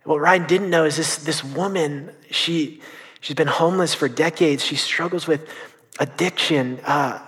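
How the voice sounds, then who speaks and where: A young man in youth ministry telling a story during a sermon, earnest and halting, with many restarts. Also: a little high, fairly bright tone.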